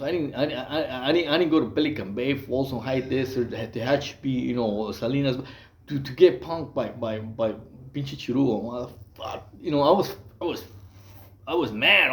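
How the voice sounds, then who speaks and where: A Mexican man with a mid-range voice tells prison stories casually, in a reverberant space. His monologue rambles, packed with fillers, slang, and restarts.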